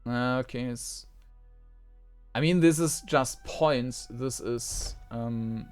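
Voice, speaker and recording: A man's voice: medium pitch, slow pace, clean tone. A man giving casual let's-play commentary, musing and thinking aloud as he plays. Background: faint game music.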